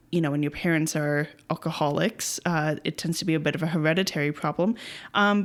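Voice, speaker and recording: A woman co-hosting a podcast in casual chat, playful and teasing, laughing often. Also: low voice. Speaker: podcast co-host.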